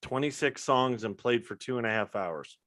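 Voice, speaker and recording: A man's voice: medium pitch, moderate pace, fairly bright tone. A man co-hosting a casual chat show, dry and mildly exasperated. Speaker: co-host.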